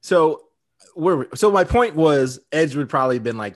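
A man's voice: on the high side, expressive, normal speed. A man co-hosting a podcast in a casual chat, talkative and often laughing. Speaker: podcast co-host.

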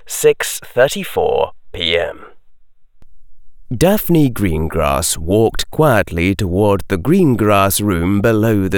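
A man's voice: lowish voice, dry recording, clean studio sound. A man reading a novel aloud as an audiobook narrator, telling the story expressively.

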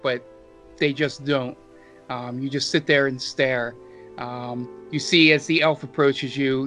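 A man narrates a tabletop game as game master, pausing often and filling the gaps with hesitant fillers. His voice sits at a middle pitch, with faint music playing behind him. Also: pushed and bright. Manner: hesitant, many filler words.

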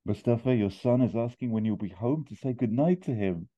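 A man voicing a worried young wife and mother who talks softly and anxiously. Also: medium pitch, expressive, fairly quick, no room sound, pitched above the performer's own voice, lightly acted. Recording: tinny phone-like sound.

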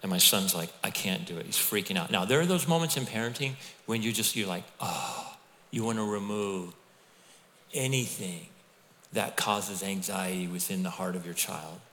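A middle-aged man preaching a sermon as pastor, telling stories in a conversational, animated way with asides to the congregation. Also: sits low, moderate pace. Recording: long hall reverb.

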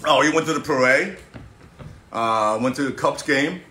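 A man's voice: medium pitch, lively intonation, moderate pace, sharp tone. A man playing along in a trivia game, hesitant and full of jokes. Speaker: game contestant. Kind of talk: playful trivia game chat. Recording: echoey room.

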